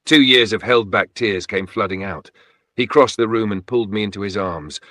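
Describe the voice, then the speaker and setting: Male storyteller, scripted narration, low and bright, dry close mic. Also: normal speed, no echo. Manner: steady, dramatic storytelling. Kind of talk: scripted first-person narration.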